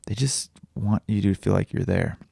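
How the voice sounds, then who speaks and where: Low gravelly man confiding. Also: dark tone, dry recording, clean studio sound. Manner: raw, halting, confessional, with frequent swearing and restarts. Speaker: vlogger and podcaster. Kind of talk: candid personal vlog.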